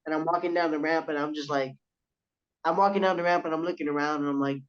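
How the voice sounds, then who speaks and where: With a slightly high, clear, and resonant voice, a fast-talking young wrestler tells an animated story as a podcast guest. He swears freely and quotes others along the way, though the audio itself is dull and lo-fi.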